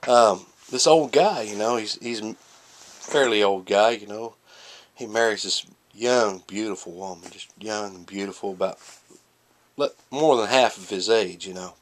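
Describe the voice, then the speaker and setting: A man casually telling jokes, rambling with lots of fillers and restarts and jumping into loud, excited bursts when he acts out the characters. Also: fairly low pitch, unhurried.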